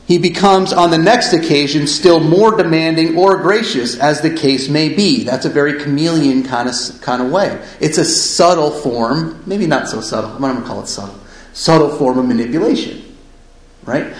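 A man's voice: a little high, normal speed. Chatty man explaining in an echoey room. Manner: casual, keeps asking "right?", acts out examples. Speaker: discussion leader reading from a recovery book. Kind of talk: reading a passage aloud and explaining it.

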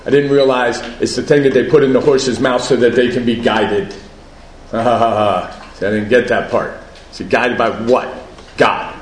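A man's voice: medium pitch, fairly even intonation, unhurried, reverberant, poor audio. A man giving a personal share at a recovery meeting, conversational, often asking "right?" and laughing at himself.

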